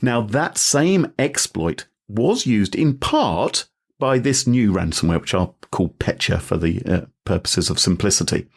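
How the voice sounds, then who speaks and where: Lively man explaining at length. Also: on the low side, unhurried, gravelly. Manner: animated, explanatory, wry asides. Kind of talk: podcast discussion.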